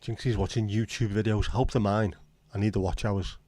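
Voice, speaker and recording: A man's voice: on the low side, fairly even intonation, fairly quick, dark tone, no room sound. A middle-aged man chatting casually on his livestream, joking and answering viewers' messages. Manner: easygoing, jokey, responds to chat messages. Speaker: livestream host.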